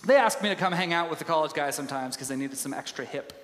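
A pastor delivers his sermon fast, in a loose, conversational storytelling style, often restarting sentences. His slightly high voice carries a long, roomy reverb from a large church hall, over a noisy background.

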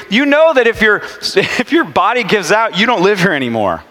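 Lively conversational male pastor, high bright voice, long reverb of a church hall. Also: brisk, hardly any pauses. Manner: animated, conversational preaching. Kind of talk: sermon.

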